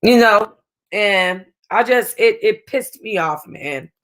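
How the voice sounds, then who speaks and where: A woman's voice: medium pitch, animated, takes it slowly, a bit bright, soft background music. A woman host casually reviewing a reality TV episode, emotional and close to tears, rambling with restarts and slang. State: close to crying. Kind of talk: casual chat.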